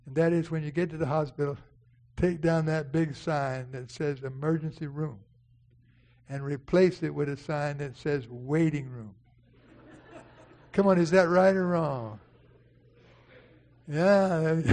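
Older preacher guy, gravelly voice kinda high, folksy story sermon, talks to the pews by name. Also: a little mellow. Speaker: pastor.

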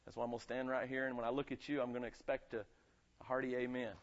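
Talking fast in a level, mid-range voice, a male pastor from North Carolina delivers a chatty sermon in a light Southern accent, calling for amens from his congregation. Muffled, lo-fi audio.

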